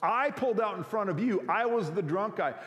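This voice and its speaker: A man preaching, voicing a startled young man in a story, higher and louder than his plain talk. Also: animated, a little fast, reverberant, long reverb tail. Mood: astonished.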